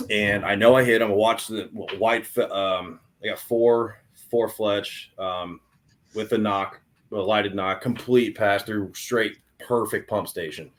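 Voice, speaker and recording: A young adult man telling a hunting story on a podcast in an excited, animated way, with many restarts. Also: fairly low pitch. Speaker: podcast guest. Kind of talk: casual storytelling.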